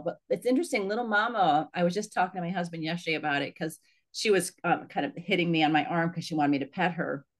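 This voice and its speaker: Brief: low-voiced woman guest, chatty, laughs easily. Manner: chatty and warm about her pets, with laughs. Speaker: author guest. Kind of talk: casual podcast chat.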